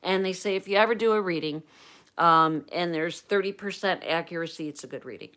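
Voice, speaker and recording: A woman from Pennsylvania hosting a livestream, telling a personal story in a chatty, animated way and acting out the quotes. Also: lowish voice, brisk, clean tone. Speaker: livestream host.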